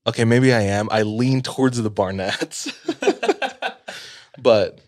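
A man co-hosting a casual podcast, telling a story in a relaxed, hedging way and laughing often. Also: medium pitch, slow, dry recording, clean studio sound. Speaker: podcast co-host.

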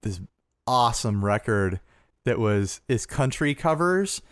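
A man co-hosting a podcast in casual chat, relaxed and rambling, laughing easily. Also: medium pitch, unhurried, no echo, studio quality. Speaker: podcast co-host.

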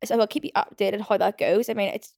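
A woman's voice: medium pitch, fairly even intonation, fast talker, creaky, a little mellow, no echo, clean studio sound. A young woman hosting a casual solo podcast, rambling and chatty with lots of "like". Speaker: podcast host. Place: home.

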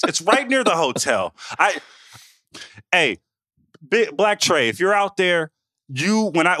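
A man from the Bay Area co-hosting a sports podcast, ranting in an animated way and repeating himself for emphasis. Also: fairly high pitch, no echo. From San Francisco Bay Area. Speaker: podcast co-host. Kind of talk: casual sports podcast chat.

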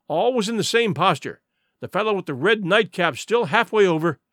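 Male narrator for an adventure audiobook; vivid and dramatic, lively pitch, dry sound. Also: dry recording. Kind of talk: scripted storybook narration.

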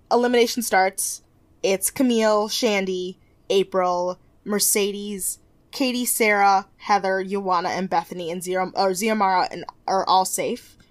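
A woman's voice: medium pitch, dry recording. A young woman co-hosting a podcast, casually recapping a TV show with lots of "like" and frequent laughs. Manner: chatty, lots of "like", laughs often. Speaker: podcast co-host.

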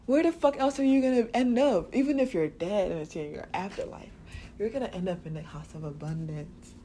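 A woman's voice: mid-range voice, a little fast, dark tone, a little hiss or hum. A woman from Nigeria hosting a podcast, talking in a casual, candid, profane way, laughing often and leading affirmations. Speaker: podcast host. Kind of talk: casual spiritual podcast monologue.

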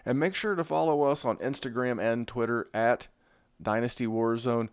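Male podcast host, average pitch, chatty and animated, dry close recording. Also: normal speed, clear, resonant tone, no echo. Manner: conversational, animated analysis with frequent restarts. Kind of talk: casual fantasy football podcast chat.

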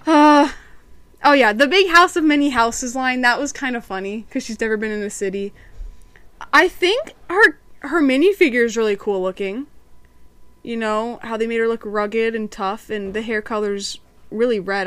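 A woman's voice: on the high side, moderate pace, fairly bright tone, dry recording. A woman hosting a podcast, reviewing cartoon episodes in casual, chatty talk and acting out quotes. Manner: chatty, giggly, acts out quotes.

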